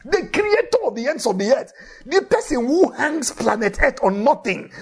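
A man's voice: very high-pitched, very animated, normal speed, slightly rough. A man preaching a sermon in an emphatic way, repeating key phrases for effect and telling Bible stories with animation.

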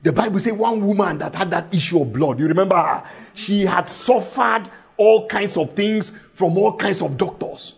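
A man preaching a sermon, fervent and shouting at times, telling stories and calling out to the crowd. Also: sits high, moderate pace, creaky, breathy edge. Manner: fervent, shouting, storytelling with call-outs.

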